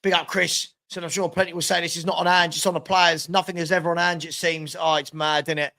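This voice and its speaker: A fast-talking watchalong host with a slightly high, bright, forceful voice keeps his pitch fairly flat as he calls a live football match, groans at his team, and addresses viewers by name.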